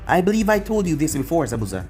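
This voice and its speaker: A man voicing a calm adult male ninja teacher, speaking low and measured. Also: soft background music. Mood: cool.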